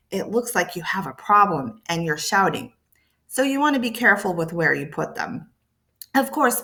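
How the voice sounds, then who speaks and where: Bright, lively woman teaching English. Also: medium pitch. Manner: lively, playful emphasis with sound words; patient, repeats key points. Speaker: English teacher for ESL learners. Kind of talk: explaining lesson to camera.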